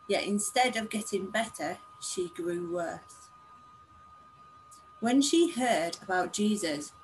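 A woman reading a scripture passage aloud in a measured, earnest way. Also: medium pitch, slight background noise, rough recording. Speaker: scripture reader.

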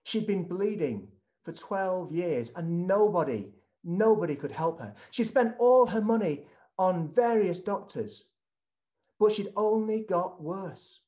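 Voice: mid-range voice, animated, slow pace, warm tone, dull audio. A preacher giving a sermon as a vivid retelling that addresses the listeners directly.

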